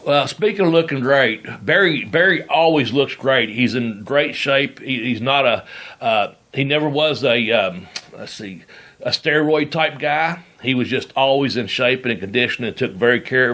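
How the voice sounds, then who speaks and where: A man's voice: mid-range voice, fairly bright tone. Middle-aged man, podcast host, rambling storyteller, laughs and swears, casual chat. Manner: rambling, laughs often, swears while telling stories. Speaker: podcast host, former wrestler.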